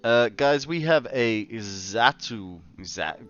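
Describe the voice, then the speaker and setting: A man streaming a building game, chatting casually and slowly to his viewers while he works. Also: medium pitch, expressive, fairly bright tone, muffled recording, faint music behind. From Australia. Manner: slow, laid-back, talks to chat while working.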